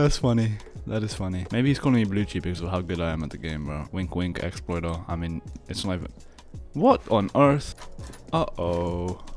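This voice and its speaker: A young man with a very low voice narrates his gameplay in a dry, exasperated way, just out of bed and short on energy. His tone rises and falls a lot, jumping from flat mutters to sudden high yelps, and faint music plays behind him. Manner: sarcastic, exasperated, says "bro" constantly. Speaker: gaming video creator. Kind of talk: casual gameplay commentary.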